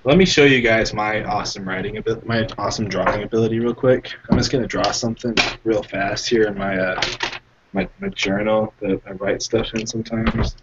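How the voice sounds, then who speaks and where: A man's voice: on the low side, fairly quick. Goofy young American guy on hissy mic. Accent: American English. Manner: excitable, goofy joking. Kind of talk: casual group voice chat. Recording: dull lo-fi mic with clear hiss.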